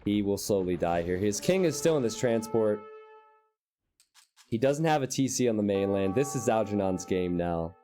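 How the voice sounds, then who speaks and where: A young man casting a strategy game live, excitable and quick to jump into high shouts at big plays. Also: faint music behind. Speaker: game caster.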